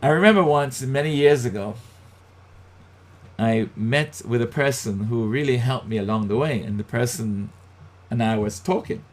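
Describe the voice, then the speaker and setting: A man's voice: medium pitch, normal speed. A male pastor giving motivational Bible teaching, emphatic and repeating his key phrases.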